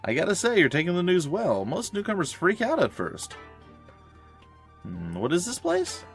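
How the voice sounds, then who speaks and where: Male gamer reading an upbeat ghost guide, lightly raised voice, lively swoops. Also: sits high, moderate pace, soft background music, voice pushed up, full character voice. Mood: breezy.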